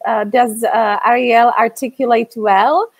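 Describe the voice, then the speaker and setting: A woman hosting a casual interview, a teacher who chats in a lively way and talks straight to her viewers. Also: fairly high pitch, unhurried. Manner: lively, chatty, addresses viewers directly. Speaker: interview host, English teacher.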